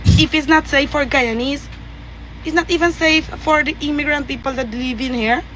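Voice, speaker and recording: A woman's voice: sits high, moderate pace, fairly bright tone, a little hiss or hum, low-quality recording. A woman with a Venezuelan Spanish accent tells a heated, profane story with many fillers and restarts. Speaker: guest telling a story.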